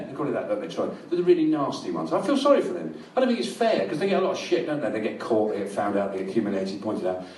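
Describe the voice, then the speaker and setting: A middle-aged man from England doing a live stand-up set, rambling and deadpan, in a small comedy venue. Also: medium pitch, a little hiss or hum. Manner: dry, rambling, deadpan with crowd laughter. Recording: roomy live venue, distant mic.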